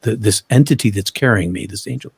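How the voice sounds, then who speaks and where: A man telling his own story as an interview guest, halting, often restarting and repeating words. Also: lowish voice, gravelly, slightly rough, no room sound.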